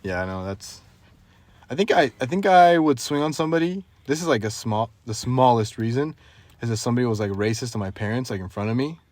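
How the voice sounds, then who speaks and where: A man's voice: medium pitch, fairly quick, no echo. Young man telling a story with laughs. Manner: animated storytelling, laughing often. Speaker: podcast host. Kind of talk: casual chat.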